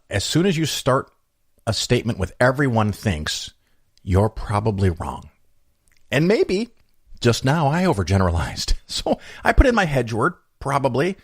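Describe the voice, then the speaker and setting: A middle-aged man with a low voice hosts his own podcast, rambling through stories and thoughts in a casual, chatty way. He slips into other people's voices when he quotes them. The sound is close and dry, with no room around it. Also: dry recording. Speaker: podcast host. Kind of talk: casual solo monologue.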